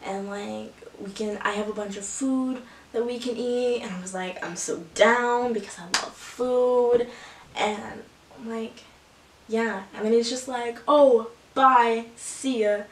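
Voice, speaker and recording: Slow-talking young woman in an echoey room. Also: fairly high pitch, steady tone, distant mic, slight background noise. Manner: rambling, laughing often, filler-heavy with lots of 'like'. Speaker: vlogger. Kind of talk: casual storytime.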